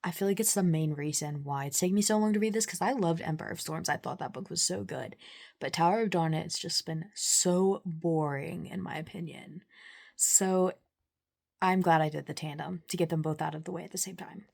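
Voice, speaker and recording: A woman's voice: fairly low pitch, normal speed, vocal fry, a little mellow. A young woman vlogging her reactions to a book, chatty and full of "like", with gushing exclamations. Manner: chatty, fills speech with "like". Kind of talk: casual reading-reaction vlog.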